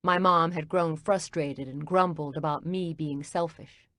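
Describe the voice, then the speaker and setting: A woman reading a cozy mystery audiobook as narrator, in a calm, even storytelling manner. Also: deep voice, a little slow, no echo.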